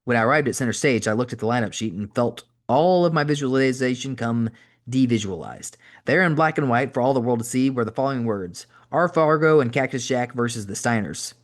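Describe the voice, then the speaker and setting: Brisk man reading an audiobook. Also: medium pitch, lively intonation. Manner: brisk, wry first-person reading. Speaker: podcast host reading an audiobook. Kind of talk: audiobook narration.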